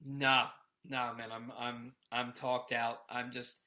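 A man co-hosts a casual sports podcast with a bright, ringing voice. He rambles and gets animated, restarting his sentences and repeating words as he works himself up. His pitch sits at a middling level for a man. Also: slow pace. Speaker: podcast co-host.

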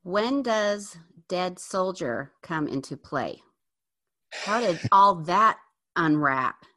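Woman interviewer, slow pace, bright voice. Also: lowish voice, expressive. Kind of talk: interview questions.

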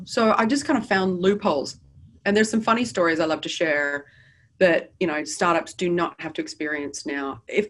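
Middle-aged American woman, interview guest, lower voice, candid and wry. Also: breathy edge. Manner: candid, lively and self-deprecating. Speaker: guest, business founder. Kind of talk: casual interview storytelling. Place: office.

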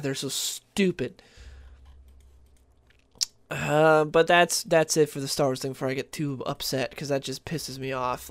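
A man hosting a podcast in casual chat, rambling with many fillers and restarts. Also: on the high side. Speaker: podcast host.

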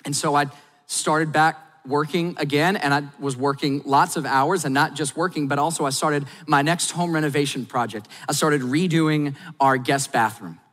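Pastor preaching in a reverberant hall. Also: male voice, fairly high pitch, steady tone, moderate pace. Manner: candid storytelling, drops soft and quiet in sad moments then lifts to urge. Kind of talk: sermon.

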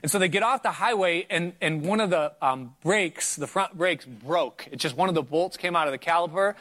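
A middle-aged man preaching through a personal story in a loose, conversational way. His voice sits a bit high for a man, and it lifts further when he drives home a point. He sounds earnest and anecdotal rather than formal. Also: moderate pace, fairly bright tone. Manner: earnest, anecdotal, rises in pitch for emphasis. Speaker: preacher sharing testimony.

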